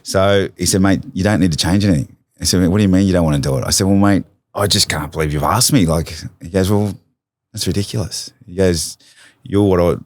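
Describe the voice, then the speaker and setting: A man's voice: low-pitched, a little fast, no echo. An Australian man telling casual stories from his sporting career, acting out quoted lines with bursts of laughter. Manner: animated anecdotes, acts out quotes with laughter. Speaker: podcast guest, former rugby league captain. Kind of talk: casual storytelling chat.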